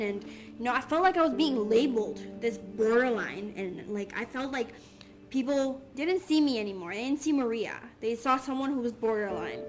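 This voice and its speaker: A young woman giving candid personal testimony in an earnest, halting way, full of restarts and fillers. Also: on the high side, expressive. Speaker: interviewee sharing her story. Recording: music bed under the voice.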